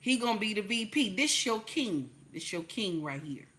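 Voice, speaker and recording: A woman's voice: medium pitch, sing-song, normal speed, fairly bright tone. A woman with a New Jersey accent giving blunt, repetitive livestream commentary, peppered with profanity and "okay?" checks. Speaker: online commentator.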